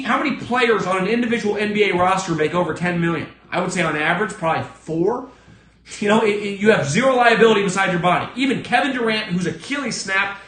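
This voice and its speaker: A man's voice: a bit bright, roomy sound. A man hosting a sports podcast alone, giving blunt, profane, emphatic opinions. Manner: acts out other people's lines in a lower voice. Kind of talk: solo opinion rant.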